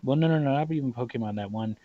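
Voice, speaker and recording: Excitable Southern man, dull lo-fi mic. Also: mid-range voice, rapid-fire, no room sound. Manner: excitable, swears a lot. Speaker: let's play host. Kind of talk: casual gaming chat. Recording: dull lo-fi recording.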